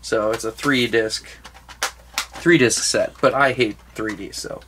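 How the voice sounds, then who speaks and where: A man's voice: fairly low pitch, unhurried, a bit bright, a little hiss or hum. A young man co-hosting a casual movie collection video, talking enthusiastically and rambling, with casual swearing. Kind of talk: casual chat.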